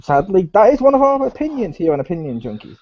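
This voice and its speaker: A man's voice: high voice, very animated, fast, dull audio. A man hosting a casual gaming podcast, joking and laughing as he rambles. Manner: jokey, laughs often, rambling. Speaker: podcast host. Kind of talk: casual chat.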